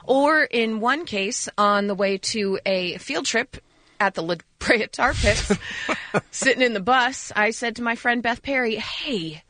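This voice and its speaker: A woman's voice: a little high, unhurried, pushed and bright, no echo. A woman co-hosting a morning radio show, telling stories in a playful, self-mocking way. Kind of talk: casual morning radio banter.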